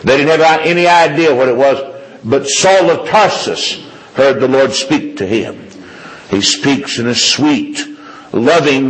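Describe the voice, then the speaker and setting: With an unhurried, emphatic and repetitive delivery, a man preaches, dropping into low confiding tones and rising to high ringing declarations. The recording quality is low.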